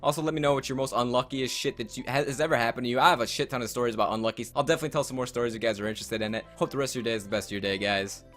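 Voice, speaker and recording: A young man telling a rambling, profane story while playing a video game, with loud outbursts. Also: medium pitch, fairly even intonation, very fast, few pauses, over music. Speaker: gaming YouTuber. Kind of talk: storytelling over gameplay.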